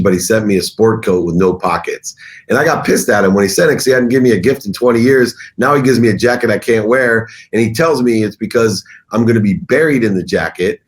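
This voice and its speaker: A middle-aged man with a fairly low voice, speaking as an interview guest. He tells his story emphatically and with animation, often pushing his voice up for stress. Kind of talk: storytelling in conversation.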